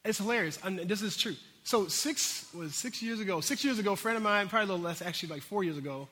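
A man's voice: sits high, fast, sharp tone, in a large hall. A man preaching a sermon in a casual, conversational way, with frequent asides to his congregation. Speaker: pastor.

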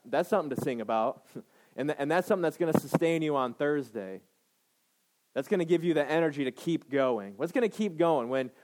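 A man's voice: on the high side, a little mellow. A man in his thirties preaching a sermon to a congregation, emphatic, repeating phrases and checking in with "right?". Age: 30s. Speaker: pastor.

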